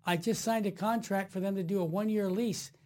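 A man's voice: high-pitched, steady tone, a little fast, a little mellow. An older married man talking earnestly and eagerly about his faith. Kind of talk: conversational faith talk.

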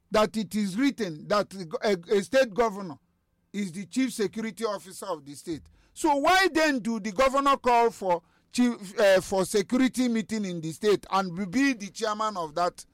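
A man with a high voice talks on a radio panel, stumbling through restarts before building to forceful questions. The sound is close and dry. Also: no room sound. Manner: halting, many restarts, rising to emphatic questions. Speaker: studio guest. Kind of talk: radio talk show discussion.

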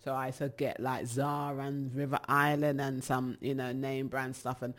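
A woman with a British accent, chatting casually to her viewers as a rambling, animated storyteller. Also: rumbling low, normal speed. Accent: British English. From England. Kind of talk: casual chat.

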